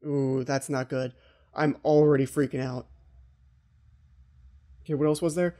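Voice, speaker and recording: Nervous gamer guy, mellow voice, yelps and mutters through a scary game. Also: mid-range voice, little pitch movement, a little slow. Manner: jittery, talks to himself, frightened outbursts. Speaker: let's play host. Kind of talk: horror game commentary.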